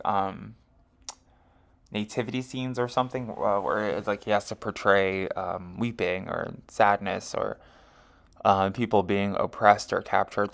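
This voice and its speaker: Gravelly man rambling through an astrology reading. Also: on the low side. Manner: rambling, heavy with fillers like um and you know; chatty, with self-corrections. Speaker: astrology and tarot reader. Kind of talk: casual chart-reading monologue.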